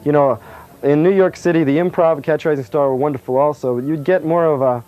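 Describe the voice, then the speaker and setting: A man, a comedian, answering interview questions in a soft-spoken, meandering way, with many fillers. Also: a little high, fairly even intonation, quick pace, highs cut off.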